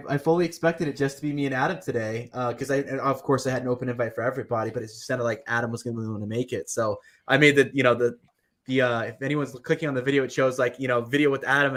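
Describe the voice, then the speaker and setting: A man's voice: mid-range voice, steady tone, quick pace. A man hosting a casual livestream chat, talking with lots of fillers and a friendly tone. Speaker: livestream host.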